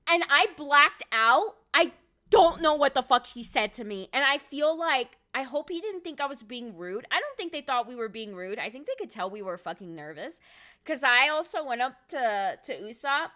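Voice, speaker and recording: A young woman streaming from home, telling a story in casual chat, excitable and swearing a lot with many fillers of "like". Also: high-pitched, normal speed. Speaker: live streamer. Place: at home by a window.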